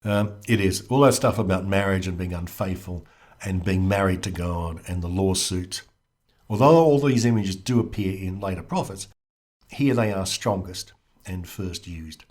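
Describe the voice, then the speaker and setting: A man with a fairly low voice talks as a podcast guest, explaining things in a relaxed, conversational way. He slips in dry, wry asides and sometimes restarts a phrase mid-thought. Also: normal speed. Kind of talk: casual conversational discussion.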